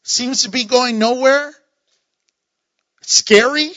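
A man's voice: very high voice, takes it slowly, pushed and bright, highs cut off. A man preaching a sermon as pastor, playful, with joking asides and chuckles.

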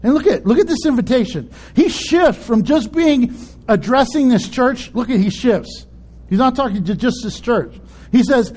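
A male pastor preaching a sermon in an animated way, laughing often and acting out voices in his stories. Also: extremely high pitch, normal speed.

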